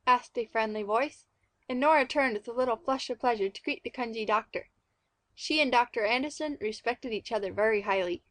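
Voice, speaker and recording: A woman with a fairly high voice reads a classic story aloud in a clear, measured way. The recording is close and dry, with no room sound. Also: fairly bright tone, no room sound. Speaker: narrator. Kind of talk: scripted audiobook narration.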